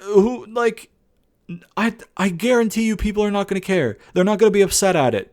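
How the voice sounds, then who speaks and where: A young man with a fairly high voice rants through a casual show review. He rambles, restarts his sentences and swears freely. His tone is exasperated throughout. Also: darkish tone.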